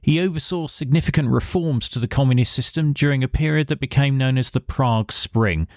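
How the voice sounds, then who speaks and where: A man's voice: medium pitch, no echo, studio quality. Male podcast host reading a note. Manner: measured, informative read. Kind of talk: scripted explanatory aside.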